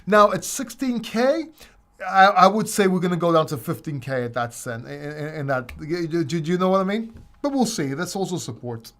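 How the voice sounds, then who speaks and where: A man hosting a casual crypto livestream, answering viewer questions in a rambling, joking way with plenty of laughter. His voice sits fairly high for a man. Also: normal speed, fairly bright tone. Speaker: crypto channel host.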